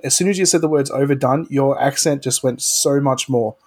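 A man's voice: medium pitch, a little fast, a little mellow, breathy edge. A man with a non-American accent, chatting casually as a podcast co-host, often stumbling and repeating words.

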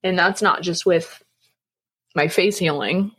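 A woman's voice: fairly low pitch, slow, a bit bright, slightly rough. A young woman co-hosting a casual faith podcast, rambling with many fillers and frequent laughs. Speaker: podcast co-host.

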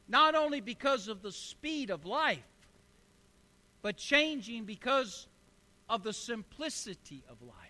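A man in his sixties preaching with emphatic, repeated phrases and storytelling. His voice sits very high for a man. It sounds bright and forceful. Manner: emphatic, repetitive rhetorical delivery. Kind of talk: sermon with storytelling.

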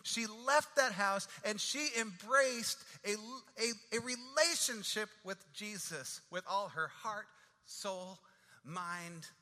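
A man's voice: high voice, expressive, takes it slowly, pushed and bright. A man preaching a sermon, building dramatic rhythmic refrains that swell and fall. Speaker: pastor. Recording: long reverb of a large hall.

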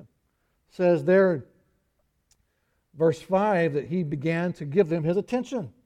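A man's voice: fairly high pitch, a little mellow. A man preaching a conversational Bible sermon, acting out quoted lines with small laughs and sighs. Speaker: pastor.

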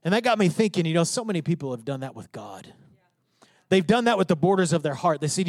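A pastor preaching a sermon, emphatic, swinging from loud declarations to hushed asides. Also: male voice, on the high side, expressive, brisk, no room sound.

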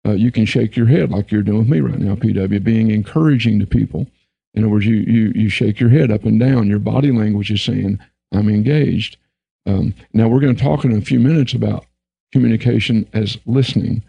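A man telling a personal business story in an earnest, relaxed conversational way, then giving practical advice over a remote call. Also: mid-range voice, gravelly, breathy edge, no echo, poor audio. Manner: relaxed, earnest, anecdotal with frequent restarts. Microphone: remote video call.

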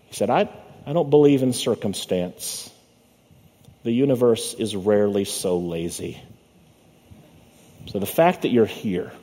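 A male pastor with a warm tone delivers a sermon in a church sanctuary, his measured cadence slowing and falling low to land key words. The recording carries the long reverb of a church hall.

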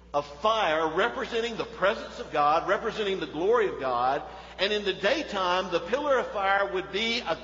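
Man preaching in an echoey hall. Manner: dramatic swings between loud emphatic peaks and hushed low passages. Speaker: pastor. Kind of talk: sermon. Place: church sanctuary. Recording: echoey hall, dull sound.

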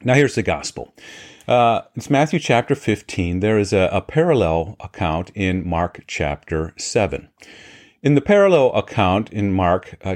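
A man, a pastor, talking through a Bible reading in an earnest, unscripted way, often pausing on "uh" and restarting his sentences. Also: sits low. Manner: unscripted, with frequent "uh" fillers and restarts; earnest, walking through scripture. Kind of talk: Bible study explanation.

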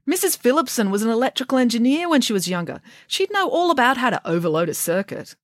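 A woman voicing a clever, insistent schoolgirl detective in a storybook reading, earnest and high. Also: sing-song, fast, no echo, studio quality. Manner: earnest and pleading.

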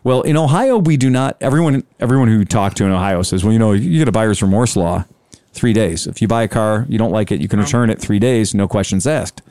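A man's voice: lowish voice, quick pace, mellow, no echo. A man telling a long sales story in casual chat, acting out both sides of the conversation. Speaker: scooter dealer telling a story.

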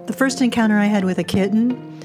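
A woman's voice: mid-range voice, fairly quick, music in the background. A woman from the United States hosting a podcast, telling a scripted humorous story in a wry, self-mocking way. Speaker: podcast host.

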